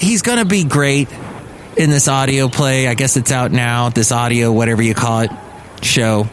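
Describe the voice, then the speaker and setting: A man's voice: medium pitch, normal speed, slight background noise. An American man hosting a casual solo podcast, rambling enthusiastically and correcting himself as he goes. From United States. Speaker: podcast host and talk radio worker.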